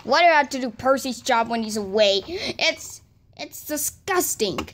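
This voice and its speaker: A cross steam engine grumbles about his chores in a halting, irritable way, as a woman reads him in a homemade toy-train story. The voice is slightly high, with faint hiss underneath. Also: lively intonation, fairly bright tone. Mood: annoyed.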